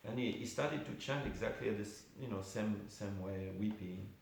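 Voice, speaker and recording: A man with a low, gravelly voice gives an informal temple class, telling a story with many asides. His voice rings in a very reverberant hall, and a faint hiss sits under the recording. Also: moderate pace, darkish tone. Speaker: devotee giving a class. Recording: very echoey room with faint hiss.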